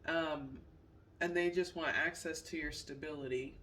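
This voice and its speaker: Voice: mid-range voice, steady tone, normal speed, pushed and bright, distant mic, a little hiss or hum. A tarot reader giving a casual pick-a-card reading, emphatic and repetitive. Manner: repetitive, emphatic, says "period" often.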